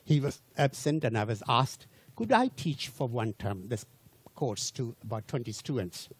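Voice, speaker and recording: An older man whose first language is Hindi, giving a lecture to a general audience in an animated, digressive way, with rhetorical questions and frequent restarts. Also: medium pitch, moderate pace, breathy edge.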